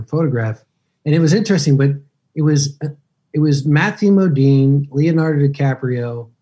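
Man, 50s, husky, relaxed, rambling, podcast guest. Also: medium pitch, low-quality recording. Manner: relaxed rambling storyteller, laughs easily. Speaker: actor guest. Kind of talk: casual podcast interview.

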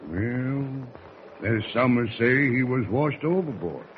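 A man playing a gruff, peg-legged first mate of a sailing ship with salty sea-dog speech, in 1940s radio acting on an old, dull recording. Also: mid-range voice, expressive, takes it slowly, slight background noise. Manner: salty sea-dog talk, bellows orders.

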